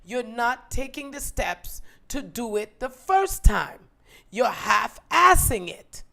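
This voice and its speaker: A woman's voice: a little high, very animated, takes it slowly, vocal fry, bright, forceful tone, heavily acted. A woman voicing her stern mother, who scolds her daughter in a commanding, insistent way. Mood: scolding.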